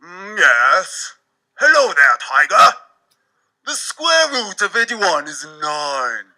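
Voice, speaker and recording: A man's voice: high-pitched, very animated, slow, sharp tone, voice pushed up, heavily acted, poor audio. A man voicing a terrified primitive man hiding from a tiger, speaking with an English accent in an oddly prim, polite way. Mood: frightened, prim.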